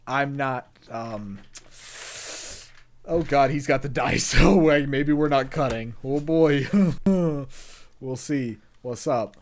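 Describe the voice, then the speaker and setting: A young man from the Deep South with a Southern accent, co-hosting a casual podcast chat and swearing freely. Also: slow. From Deep South, USA. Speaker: podcast co-host.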